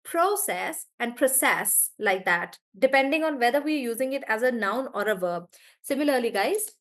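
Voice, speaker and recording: A woman's voice: a little high, a bit bright. A woman teacher, chatty in a live online class, explaining word stress through spoken examples. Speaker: English pronunciation teacher.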